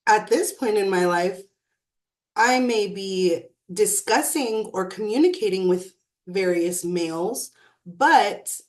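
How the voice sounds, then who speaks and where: Slow, earnest mother speaking reflectively. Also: mid-range voice. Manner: earnest, measured, with thoughtful pauses. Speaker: mother and emotional wellness speaker. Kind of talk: reflective personal talk.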